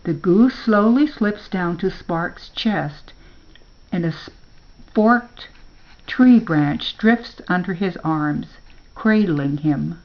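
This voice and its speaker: An older woman, a grandmother, reading a children's story aloud in a slow, gentle storybook manner. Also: fairly low pitch, lively intonation, muffled recording.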